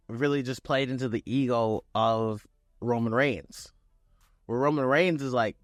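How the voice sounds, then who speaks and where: Young man, excited wrestling recap, casual with swearing, dry close sound, faint music. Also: mid-range voice, measured pace, no room sound. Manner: excited, animated, acts out quotes with swearing.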